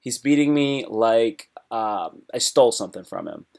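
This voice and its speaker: A man hosting a live stream, recapping fights in loose, excitable chat that jumps from topic to topic and breaks into sudden loud yelps. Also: mid-range voice, normal speed, vocal fry.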